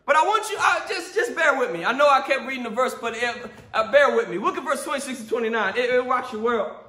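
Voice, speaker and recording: High-voiced shouting preacher in echoey church. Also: male voice, animated, fast talker. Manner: preaching with frequent shouting and laughter. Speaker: pastor. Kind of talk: sermon. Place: church sanctuary.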